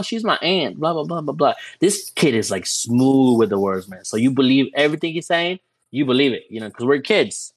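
A young adult man, a podcast guest, telling a story in a casual, animated way, full of "you know" and "dude". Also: mid-range voice, low-quality recording.

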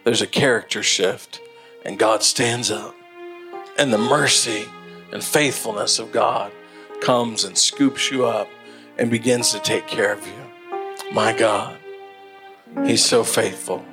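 A man preaching a sermon as pastor, telling lively stories with laughter and then slowing into earnest exhortation. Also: lowish voice, over music.

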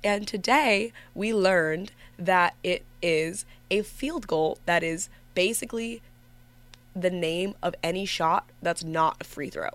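A woman's voice: on the low side, slow. Giggly young woman hosting college radio. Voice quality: somewhat monotone at times. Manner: chatty, giggly, rambling with self-corrections. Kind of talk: casual radio chat. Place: empty radio station studio.

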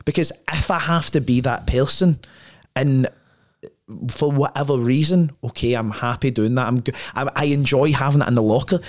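A man's voice: mid-range voice, normal speed. Blunt, swearing man. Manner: blunt, profane and emphatic; frequent tag questions and restarts. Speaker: podcast guest. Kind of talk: casual conversation.

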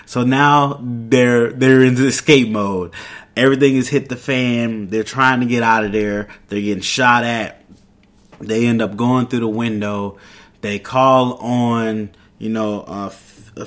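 This is a man recapping an episode in a relaxed, offhand way, with a mid-range voice. He rambles, loses words now and then, and drops into brief quoted voices for the characters. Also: mid-range voice. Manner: rambling, quotes characters in quick voices, loose casual grammar. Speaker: show recapper.

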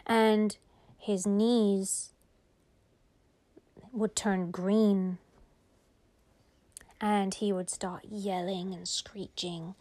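Woman, improvised bedtime storyteller, lively with whispered asides. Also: medium pitch. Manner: lively, drops to whispers, drawn-out words.

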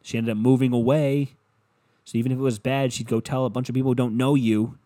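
A man's voice: mid-range voice, little pitch movement, fast, dark tone. A young man hosting a solo podcast, rambling casually with lots of profanity and filler words. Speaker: podcast host.

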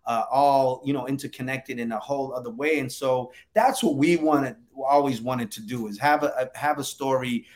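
A man's voice: medium pitch, steady tone, moderate pace, few pauses, a little mellow. A man talking casually and emphatically about his graphic novel, with lots of slang and fillers. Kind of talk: casual interview chat.

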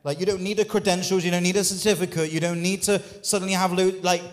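Impassioned pastor in a reverberant hall. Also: male voice, high-pitched, flat delivery. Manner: impassioned, swings between loud rises and quick quiet asides. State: out of breath. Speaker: lead pastor. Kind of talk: sermon. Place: church hall.

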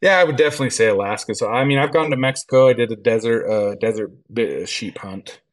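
A man telling a hunting story as a podcast guest, animated and acting out the lines of others. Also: medium pitch, fast. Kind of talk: storytelling in a casual interview.

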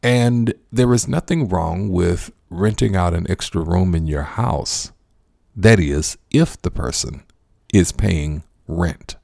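Slow, deep-voiced gravelly male preacher. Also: darkish tone, no echo, clean studio sound. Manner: emphatic, repeats key lines slowly; addresses listeners as friends. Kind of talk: sermon.

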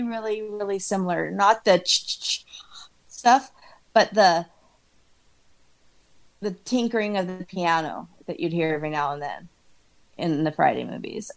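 A middle-aged woman co-hosting a podcast in casual chat, animated and laughing often as she acts out her own reactions. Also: mid-range voice, unhurried, long pauses. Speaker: podcast co-host.

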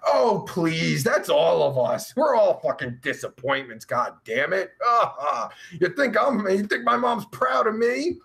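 A man's voice: high-pitched, big pitch swings, measured pace, vocal fry, hardly any pauses, fairly bright tone. A man hosting his live show alone at home, reading the chat and ranting in a profane, rambling, laughing way. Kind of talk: casual live-stream chat.

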